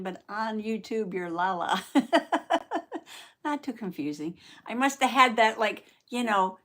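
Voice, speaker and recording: An older woman from Southern Indiana hosts a relaxed live art stream. She talks slowly and easily, greeting each viewer by name and laughing often. Her voice sits in an ordinary middle range for a woman. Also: mid-range voice. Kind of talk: casual live-stream chat.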